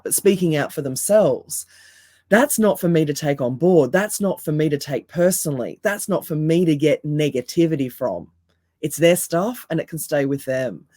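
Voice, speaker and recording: A woman with a deep voice, a hypnotherapist and coach speaking as a podcast guest with calm, emphatic, repeated phrases. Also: no room sound, studio quality.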